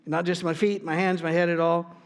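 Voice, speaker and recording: A man's voice: on the high side, little pitch movement, brisk, smooth, big-room sound, natural voice. A man voicing an impulsive, eager male disciple who protests in a flustered, insistent way, within a church sermon. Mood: giving in.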